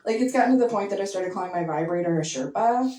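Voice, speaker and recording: A young woman doing a stand-up set in a basement club, talking casually and deadpan, full of likes and ums. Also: medium pitch, fast talker. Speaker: stand-up comedian. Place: basement comedy venue with audience. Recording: echoey basement, mic heard from a distance.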